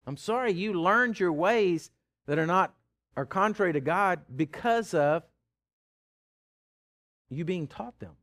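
Preacher man, kinda high voice, all over the place pitch-wise, stammers and chuckles. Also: measured pace, pauses often. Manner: animated, big pitch swings, stammering repeats, chuckles. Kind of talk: sermon.

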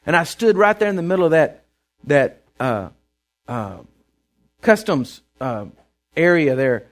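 Texan male preacher, slightly high voice, very animated delivery, folksy sermon storytelling with repeated words. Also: a little slow. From Texas.

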